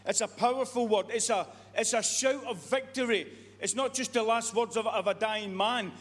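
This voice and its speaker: A man's voice: high voice, normal speed, a bit bright. A man preaching a sermon, earnest and repetitive, often restarting his sentences. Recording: long reverb of a hall.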